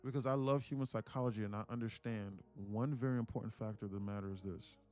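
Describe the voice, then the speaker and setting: A man's voice: on the low side, steady tone, fast talker, darkish tone, faint music behind. A man hosting a live day trading stream who tells stories and swears freely. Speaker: day trading livestream host. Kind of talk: casual livestream talk.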